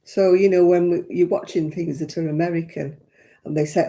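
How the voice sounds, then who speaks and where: A woman's voice: on the low side, fairly even intonation, brisk, vocal fry, mellow. A woman hosting a casual craft live stream, telling stories in a chatty, self-mocking way and laughing between them.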